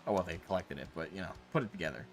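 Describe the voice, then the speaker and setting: A man streaming while painting miniatures, telling a long casual story in a rambling, animated way with the odd swear word. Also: sits low, very fast. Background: faint Gregorian chant music.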